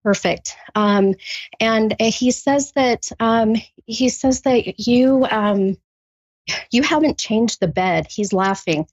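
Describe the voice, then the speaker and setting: A woman doing a psychic reading for a caller, halting with many ums, then bursting into gushing excitement. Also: a little high, no room sound, dull audio. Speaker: psychic medium. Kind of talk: live spirit reading with a caller.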